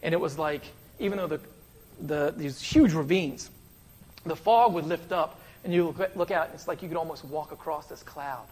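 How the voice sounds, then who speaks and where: Breathy-voiced man preaching animatedly. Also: a little high, normal speed. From West Virginia. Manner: animated storytelling, jumps between loud bursts and soft asides. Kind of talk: sermon.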